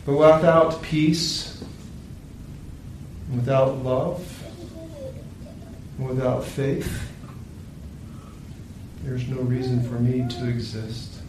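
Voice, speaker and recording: A man's voice: mid-range voice, steady tone, darkish tone, slight background noise. A man voicing a despairing candle of hope. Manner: sorrowful, slow, rising then sinking. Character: weary talking candle of hope, male. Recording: very echoey room, distant mic.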